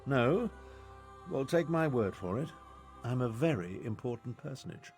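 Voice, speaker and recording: An actor playing a pompous, self-important older imperial battle mage in a video game, lecturing with an air of superiority. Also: male voice, medium pitch, animated, measured pace, darkish tone, soft background music.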